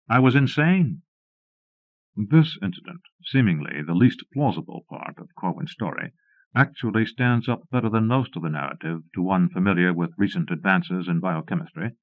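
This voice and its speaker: Brief: low male audiobook narrator, measured and wry, tinny old tape. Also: no echo. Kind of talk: audiobook reading. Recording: muffled phone-like 1990s cassette recording, dry.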